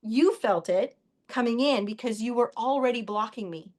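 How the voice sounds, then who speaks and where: A woman guest on an interview show, telling stories in a chatty, animated way. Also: fairly high pitch, normal speed. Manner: animated, chatty, quotes others in dialogue. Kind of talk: casual interview storytelling.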